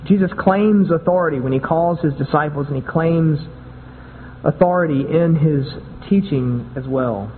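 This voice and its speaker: A man's voice: on the high side, moderate pace, a little hiss or hum. A man preaching a sermon in a conversational way, often repeating and restarting words. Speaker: pastor. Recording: tinny phone-like sound with long hall echo.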